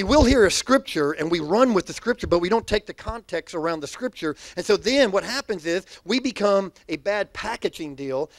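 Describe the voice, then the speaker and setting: Lively male pastor, higher register, clean dry mic, rallies the congregation. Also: no echo. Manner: energetic call-and-response preaching. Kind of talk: sermon. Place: church sanctuary.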